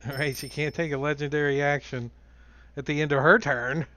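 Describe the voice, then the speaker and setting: A man's voice: a little high, steady tone, a little fast, sharp tone. A man running a tabletop role-playing game as dungeon master, musing aloud and laughing often.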